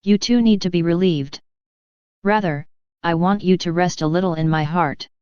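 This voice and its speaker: A woman reading the lines of Jesus, a gentle, sorrowful, loving man, in a tender, calm devotional manner, with slightly muffled lo-fi sound. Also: lowish voice, normal speed, clear, resonant tone, no room sound, lightly acted.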